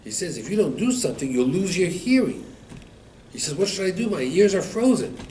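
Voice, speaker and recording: A man giving a Torah class, telling stories and acting out each quoted line. His voice sits a little high and swings widely in pitch. He is recorded from some distance in an echoey room, with faint background noise. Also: fairly quick. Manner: animated storyteller, acts out quotes with rising pitch. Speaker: Torah teacher.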